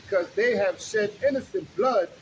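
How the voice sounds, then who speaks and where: A man with a high voice reads scripture aloud, slow and deliberate, lifting his voice on each verse. Faint traffic sounds in the background. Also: muffled recording. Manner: slow, deliberate, declaiming reading. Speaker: scripture reader. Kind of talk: reading scripture aloud outdoors.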